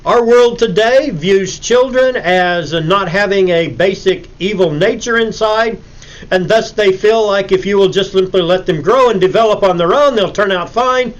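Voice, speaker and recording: A man giving a recorded Bible lecture in a preacherly way, acting out little stories with sudden loud emphasis. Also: high-pitched, moderate pace, lo-fi sound.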